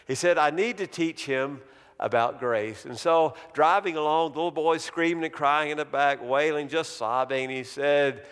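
A middle-aged man preaching a sermon in a church sanctuary, telling stories dramatically and slowing to a hush on key words. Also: fairly high pitch, fairly even intonation, clear, resonant tone. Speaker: pastor. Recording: long reverb of a large hall.

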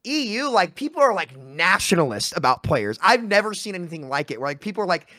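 A man talking in a casual gaming debate, emphatic and quick, tripping into repeated restarts. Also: sits high, sing-song, pushed and bright, no echo, clean studio sound. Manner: rapid, repetitive restarts, emphatic.

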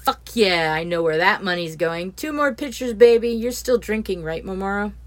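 A woman voicing a brash, rowdy young man who talks loudly and teases his friends. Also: lowish voice, animated, normal speed, close to an everyday voice. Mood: boisterous. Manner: loud, boisterous, teasing.

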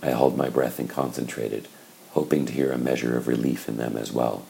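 A man reading a first-person novel aloud in a slow, measured, somber way. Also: extremely low pitch, steady tone, creaky, warm tone, slight background noise. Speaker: audiobook narrator. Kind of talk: scripted first-person narration.

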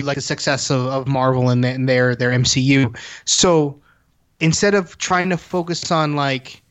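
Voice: medium pitch, fairly bright tone, lo-fi sound. A speaker in casual chat, rambling with many restarts and swearing freely while animatedly retelling scenes.

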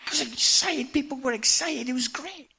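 A middle-aged man preaching a humorous storytelling sermon, an animated teller with punchy asides. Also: very high voice, moderate pace, gravelly, slight background noise. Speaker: evangelist preacher.

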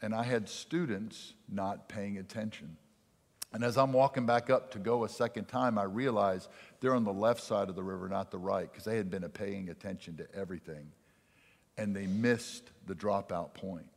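A man's voice: fairly low pitch, normal speed. Earnest preaching man in a reverberant hall. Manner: earnest preaching, dynamic volume, drops to quiet for emphasis. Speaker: pastor. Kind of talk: sermon. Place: church sanctuary.

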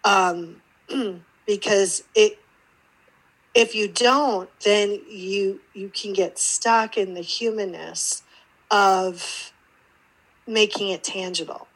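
Speaking very slowly in a husky, medium-pitched voice, a woman guests on an interview podcast, and the recording is low quality. She's an intuitive teacher who tells her story casually yet animatedly, acting out the voices in it.

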